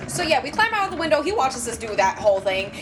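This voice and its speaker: A woman telling a true story from her childhood in a casual, animated, chatty way with lots of fillers. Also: sits high, fast talker, background noise. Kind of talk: casual storytime while crocheting.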